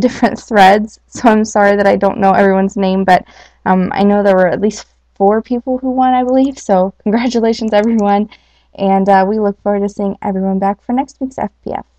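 This podcast host has a mid-range, darkish voice with fairly even intonation and a fairly quick pace. She chats casually, laughing easily and using many fillers, while reading a story. The lo-fi home recording sounds dull, with no echo.

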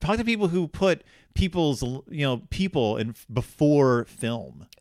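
A middle-aged man co-hosting a podcast in casual chat, animated and rambling with many restarts. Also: on the high side, measured pace, no room sound, clean studio sound. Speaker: podcast co-host.

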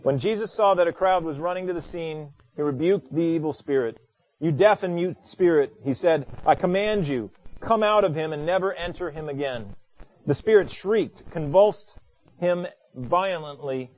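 A man preaching a sermon from scripture, praying in a hushed voice and acting out pleading lines with drama. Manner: hushed, low-voiced in prayer. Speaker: pastor. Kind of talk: sermon with scripture reading and prayer.

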